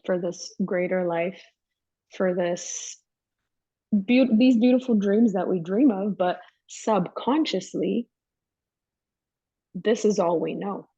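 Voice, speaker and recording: A woman's voice: mid-range voice, slow pace, long pauses, dark tone, slightly rough, no room sound. A woman guest telling her story in an emphatic, chatty way, with a dry, dull lo-fi sound. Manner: emphatic, chatty, calls listener "girl". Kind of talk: candid personal storytelling.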